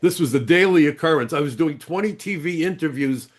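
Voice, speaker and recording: A man's voice: on the high side, a little fast. An older man, a retired immigration agent, speaking as an interview guest with blunt, emphatic storytelling.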